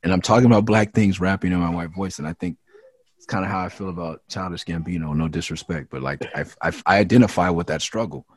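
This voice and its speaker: A deep, husky male voice recorded close and dry, with no room around it. He speaks in a candid, loose interview style, swearing freely and pushing harder on the points he feels strongly about. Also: fairly even intonation, fast talker, dry recording. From Los Angeles area. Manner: frank and profane, ramps up when heated. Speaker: rapper and interview guest. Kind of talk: candid casual interview talk.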